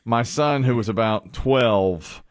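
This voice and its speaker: A man's voice: medium pitch, slow, no room sound, studio quality. A middle-aged man hosting a morning show, chatting casually and acting out the voices in his stories. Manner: animated storyteller, acts out quoted voices. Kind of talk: casual radio show banter.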